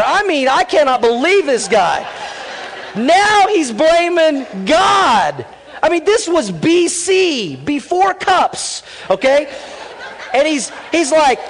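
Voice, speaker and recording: A male pastor preaching a humorous, animated sermon, calling out to his congregation. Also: very high voice, slow.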